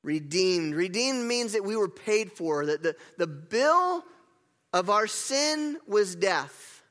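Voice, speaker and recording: Emphatic pastor preaching in a reverberant hall. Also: male voice, high voice, slow. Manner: animated, emphatic preaching with casual asides. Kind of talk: sermon. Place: church sanctuary.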